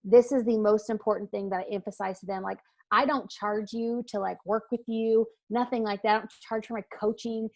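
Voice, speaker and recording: A woman's voice: mid-range voice, steady tone, brisk, vocal fry, hardly any pauses, darkish tone. A woman weight-loss coach answering interview questions in a casual, earnest, emphatic way, with frequent fillers and restarts.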